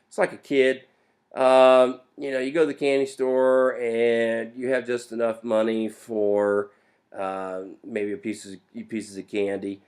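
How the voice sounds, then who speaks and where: A man giving a lively, playful classroom lecture on history, joking with students in slang. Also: a little high. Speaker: history teacher.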